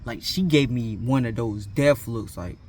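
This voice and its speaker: A man's voice: medium pitch, measured pace, darkish tone. A young man telling a school story in a casual, slangy, self-mocking way. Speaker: vlogger.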